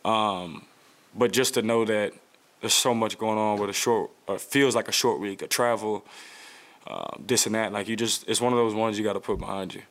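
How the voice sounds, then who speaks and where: A man in his thirties answering press conference questions in a relaxed, reflective way with many fillers. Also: on the low side, moderate pace. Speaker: football player at press conference.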